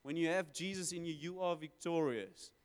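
A man preaching a sermon, conversational with quick asides and emphatic swells. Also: fairly high pitch. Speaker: pastor. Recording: hall with long reverb.

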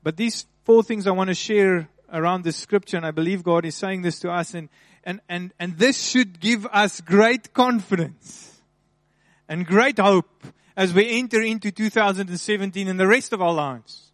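A male pastor preaching a sermon, repeating and slowly stressing key phrases with rising emphasis. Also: high-pitched, no room sound, studio quality.

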